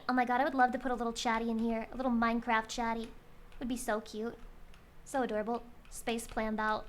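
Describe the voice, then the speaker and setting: A young woman streaming a game, chattering excitably to her chat, swearing freely and breaking into loud outbursts. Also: a little high, fairly quick. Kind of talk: casual live-stream chatter while playing a game.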